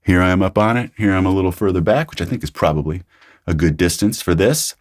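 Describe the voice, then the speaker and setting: A man's voice: low-pitched, fast talker, no echo. A man hosting a casual microphone review in his home studio, repeating test phrases as he checks his levels. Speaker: YouTube host reviewing microphones. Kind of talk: casual gear review with mic tests. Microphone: studio condenser microphone.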